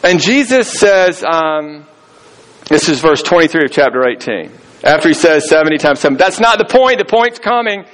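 A man's voice: fairly high pitch, expressive, normal speed, fairly bright tone, rough recording. A man preaching a sermon in a conversational storytelling way, acting out the voices of people he quotes. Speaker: pastor.

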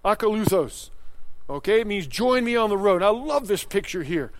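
A man in his sixties preaching a sermon, emphatic, firing rhetorical questions and swinging between loud and hushed. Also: high-pitched, lively intonation, moderate pace. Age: 60s. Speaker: pastor.

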